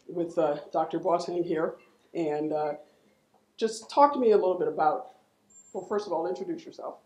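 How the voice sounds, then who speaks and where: A woman moderating a conference panel, relaxed and conversational as she prompts her guests with questions. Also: on the low side. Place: symposium lecture hall. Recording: echoey conference hall on a mic.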